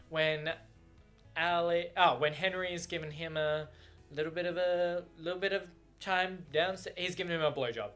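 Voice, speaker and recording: A man's voice: on the high side, sharp tone. Giggly, rambling man reviewing a book. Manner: bubbly and giggly, rambling with many fillers. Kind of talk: casual book reaction chat. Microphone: camera mic.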